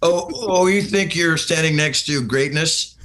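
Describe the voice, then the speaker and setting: A man's voice: a little high, a little slow, bright, forceful tone. Teasing male rock singer guest. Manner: sarcastic, teasing, playful banter. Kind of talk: casual interview chat.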